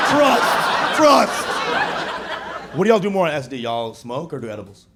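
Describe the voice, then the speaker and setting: A man with a high, bouncing voice does stand-up on a club stage, joking with lots of energy. A loud audience roars with laughter behind him in a live club recording. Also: moderate pace, background noise. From Bangladesh. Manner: animated, jokey delivery with frequent laughter. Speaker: stand-up comedian. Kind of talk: stand-up comedy set.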